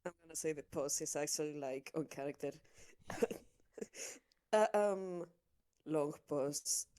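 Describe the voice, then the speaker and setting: A woman's voice: deep voice, a little slow, mellow. A woman playing a tabletop game, giggly, narrating her character's actions. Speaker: player. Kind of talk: tabletop role-play chat.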